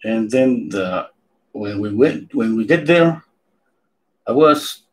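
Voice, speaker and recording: A man's voice: lowish voice, expressive, slow. A man in his fifties, a painting instructor, telling a casual anecdote in a rambling way with many restarts and self-corrections.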